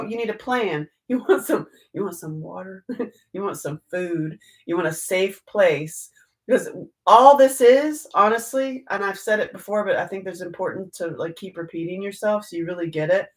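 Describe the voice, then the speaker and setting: A woman hosting a casual live talk, her voice pitched in a middle register. She jokes her way through it, bursting into sudden loud, high exclamations, and she keeps restarting her sentences and filling gaps with "like.". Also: poor audio. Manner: animated, joking, many restarts and fillers. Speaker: host.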